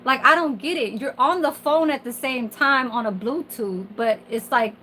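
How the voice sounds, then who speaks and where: A woman's voice: high-pitched, normal speed, pushed and bright, slight background noise, low-quality recording. A woman in her forties, a kitchen worker, venting in a casual, rambling monologue full of fillers and swearing. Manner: candid, profane, rambling with many fillers.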